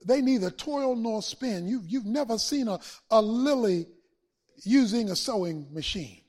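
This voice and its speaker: A man a sermon to his congregation, building from steady talk to shouted peaks and back down. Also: sits high. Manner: preaching with swells to shouts and dramatic pauses. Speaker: pastor.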